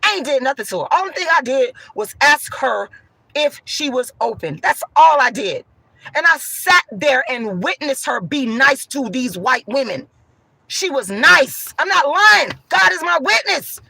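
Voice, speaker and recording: A woman venting loudly and emphatically to her viewers, repeating herself as she talks. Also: high-pitched, very animated, a little slow, vocal fry, dry recording, low-quality recording. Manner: loud, emphatic and repetitive. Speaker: vlogger.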